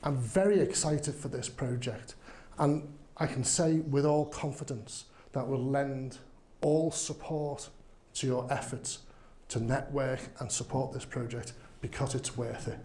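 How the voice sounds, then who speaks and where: A man's voice: mid-range voice, steady tone, measured pace, few pauses, dark tone. A man with a Liverpool accent, a guest lecturer answering questions at a conference in a wry, anecdotal way, full of fillers, speaking into a handheld microphone. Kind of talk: conference talk and Q&A. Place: conference hall.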